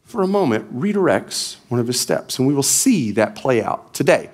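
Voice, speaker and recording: A male pastor giving a sermon, telling a story with lively acted-out scenes. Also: medium pitch, normal speed. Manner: animated storytelling, acts out scenes.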